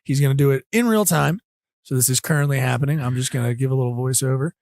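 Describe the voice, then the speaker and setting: A man's voice: medium pitch, quick pace, a little mellow, no echo. A man co-hosting a podcast in casual chat, dry and sarcastic, teasing his friend. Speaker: podcast co-host.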